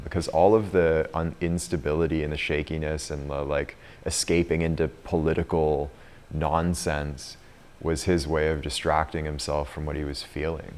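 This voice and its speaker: A man's voice: a bass voice, a little hiss or hum. A man in his thirties leading a retreat group, telling a story in a chatty way and laughing often. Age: 30s. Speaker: retreat leader and coach.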